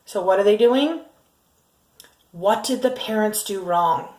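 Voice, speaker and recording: A woman's voice: medium pitch, echoey room, rough recording. A middle-aged woman telling her family's story in a vlog, urgent and indignant, with many ums and restarts. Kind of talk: emotional first-person vlog.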